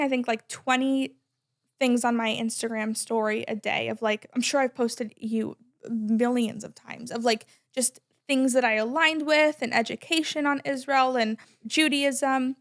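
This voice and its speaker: Emphatic high-voiced young woman guest. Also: steady tone. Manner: loud, emphatic, talks fast with many "like"s. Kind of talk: casual conversation.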